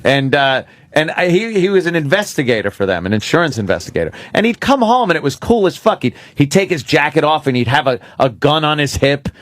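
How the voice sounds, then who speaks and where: A man's voice: a little high, sing-song, fairly quick, few pauses, a bit bright, no echo. A man, co-hosting a radio show and telling stories casually, with lots of swearing and laughter. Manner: profane storytelling, laughs often. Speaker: radio co-host.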